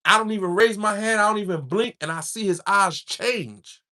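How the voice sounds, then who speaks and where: A middle-aged man with a high voice speaks his mind in a loose, street-inflected way. He keeps circling back and repeating key phrases to drive his point home, as if preaching in casual talk. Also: normal speed. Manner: animated, street-inflected, repeats himself for emphasis. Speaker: podcast host.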